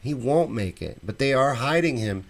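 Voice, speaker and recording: A man's voice: medium pitch, lively intonation, normal speed, vocal fry. A man hosting a casual live stream, reading viewer comments aloud and answering each one with his own opinions. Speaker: show host reading live chat.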